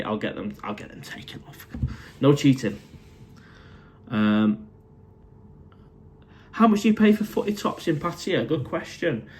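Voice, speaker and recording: A middle-aged man from Manchester with a Mancunian accent, chatting casually on a live stream from his condo and answering viewers' comments in a matey way. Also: medium pitch. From Manchester, England. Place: condo indoors.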